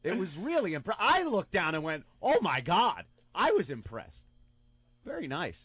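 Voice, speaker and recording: Man, radio co-host, bawdy storyteller, animated swooping pitch, dry studio sound. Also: moderate pace, husky, dry recording. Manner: animated storytelling with mocking voices. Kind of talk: crude comedic radio banter.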